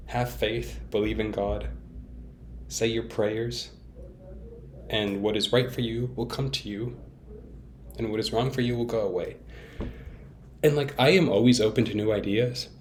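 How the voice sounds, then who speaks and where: A young man with a slightly low voice rambles candidly to camera in a casual vlog. He restarts sentences often, leans on fillers, and teases himself as he talks. A faint room noise sits behind him. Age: young adult. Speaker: vlogger.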